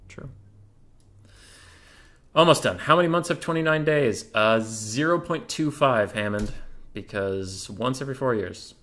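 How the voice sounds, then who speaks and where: Bright-voiced man joking through Q&A. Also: on the low side. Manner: joking, offhand, quick replies. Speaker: host reading community questions. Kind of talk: casual gaming Q&A chat.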